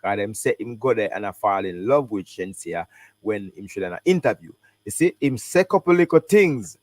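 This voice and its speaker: A Jamaican man hosting a casual reaction stream, talking in patois and English with animated commentary. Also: on the low side, normal speed, no echo. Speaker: host reacting to an interview.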